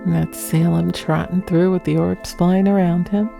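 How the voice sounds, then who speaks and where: A woman talks through her home videos in a low, gravelly voice. Her delivery is chatty and rambling, with frequent laughs. Music plays clearly beneath her. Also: little pitch movement, normal speed, dark tone. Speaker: paranormal vlogger narrating her footage. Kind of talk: casual voice-over narration.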